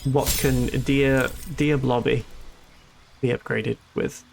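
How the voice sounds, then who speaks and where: A man's voice: mid-range voice, flat delivery, takes it slowly, creaky, faint music behind. A man giving casual, joking let's-play commentary as a streamer, rambling and amused at his own jokes.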